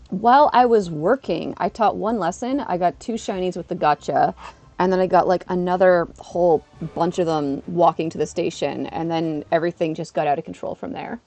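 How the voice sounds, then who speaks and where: A chatty, excitable woman streaming live and chatting casually while she eats. Her pitch swoops animatedly, and her tone stays soft and mellow. Faint music plays in the background. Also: moderate pace.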